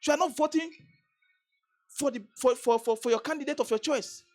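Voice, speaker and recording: Nigerian woman vlogger, high husky voice, emphatic rant with faint music under it. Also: a little fast, a little mellow. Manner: emphatic, repetitive, stammering restarts. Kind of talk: impassioned political commentary.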